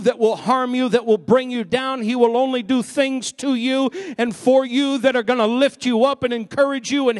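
High-voiced man preaching a sermon. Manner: emphatic, rises to shouting, drops low for emphasis.

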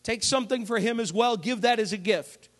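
A man preacher voicing a practical father who briskly gives his son errands. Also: high-pitched, lightly acted. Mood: instructing.

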